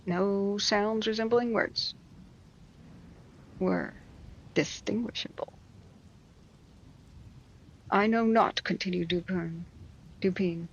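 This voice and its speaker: A woman reading a classic story aloud, breaking off for wry, mocking asides and quick explanations of old words. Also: medium pitch, gravelly, highs cut off. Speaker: reader.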